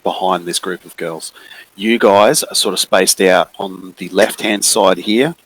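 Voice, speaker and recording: Slow-talking game master, low voice. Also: male voice, fairly even intonation, breathy edge, dry recording, low-quality recording. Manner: unhurried, hesitant with many fillers. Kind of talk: describing a tabletop game scene.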